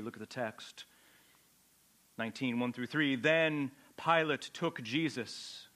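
A man preaching a sermon with a dramatic delivery, swinging from loud outbursts to a hushed, low voice. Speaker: pastor.

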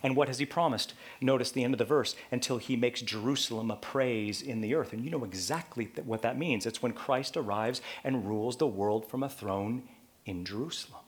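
A man preaching a sermon, dropping to near-whispers and rising to fervent shouts, often asking the listeners rhetorical questions. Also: medium pitch, brisk. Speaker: pastor.

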